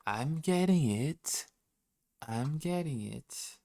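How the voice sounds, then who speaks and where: A man streaming his German practice live, thinking aloud, sounding out German words haltingly and correcting himself. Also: on the high side, animated, dark tone.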